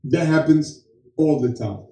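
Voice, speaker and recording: Young husband co-host, dark voice, playful storyteller, mic a bit off in a roomy space. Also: male voice, on the high side, a little slow, far from the mic. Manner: joking, animated storyteller acting out dialogue. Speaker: podcast co-host. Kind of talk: casual chat.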